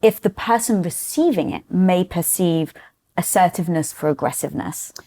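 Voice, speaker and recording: Female host, relaxed chat tone, thinks out loud, uses lots of fillers. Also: on the low side, normal speed. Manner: reflective, chatty, many fillers like "like" and "um". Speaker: podcast host. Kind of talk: casual conversational interview.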